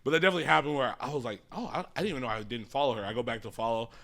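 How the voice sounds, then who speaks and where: A young man co-hosting a podcast, chatting in a relaxed, joking way full of slang. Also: mid-range voice, very fast. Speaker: podcast co-host. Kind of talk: casual chat.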